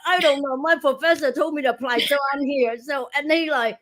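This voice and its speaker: A middle-aged woman guest telling lively stories in an interview. She acts out the dialogue, laughs often, and speaks with non-native grammar. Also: high voice, fairly quick, few pauses. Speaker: real estate broker and franchise owner, guest. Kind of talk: animated storytelling in an interview.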